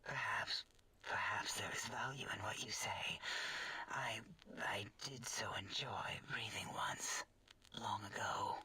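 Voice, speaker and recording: An actress voicing a flustered, breathy female scientist brain in a game, in a whispered role-play. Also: a bass voice, measured pace, distant mic, poor audio. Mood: wistful.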